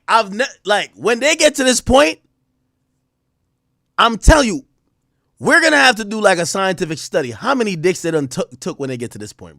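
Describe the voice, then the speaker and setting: A man holds a profane live-stream rant for his chat, his voice sitting very high and leaping up and down in pitch. He talks crudely and breaks into shouting at times. The sound is close and dry, with no room around it. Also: no room sound. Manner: animated, crude, bursts into shouting.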